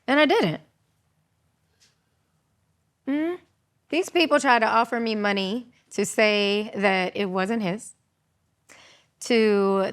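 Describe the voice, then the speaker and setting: She's in her thirties and speaking as an interview guest, relating her own story with lots of animation. When she quotes people, she acts them out in raised voices, all in a mid-range voice.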